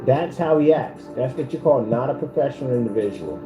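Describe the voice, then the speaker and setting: A man's voice: medium pitch, animated, a little fast, highs cut off. Male host, confrontational rant, music playing underneath. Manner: taunting, repetitive, confrontational. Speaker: channel host. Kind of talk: ranting commentary video. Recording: echoey room with music behind.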